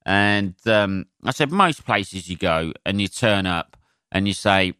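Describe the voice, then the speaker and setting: A comedian rambles through his solo podcast, swearing freely and filling gaps with ums. His voice is bright and sharp, smooth and clear, and it sits close to the mic with a dry sound. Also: sits low, lively intonation, takes it slowly, no echo. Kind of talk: casual solo podcast monologue.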